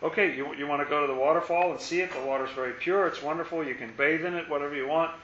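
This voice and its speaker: A man's voice: fairly high pitch, quick pace, a bit bright, slight background noise, natural voice. A man voicing a patient male trail guide who coaxes and then insists in an echoey, dull lo-fi recording. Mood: coaxing.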